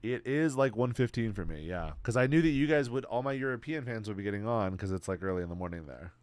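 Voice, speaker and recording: A young man with a fairly low voice chats on a live stream. He reacts to his chat excitably, swears a lot, and drops "bro" into nearly every sentence. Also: fast talker, no echo. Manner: excitable, swears freely, says "bro" constantly. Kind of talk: casual livestream chat.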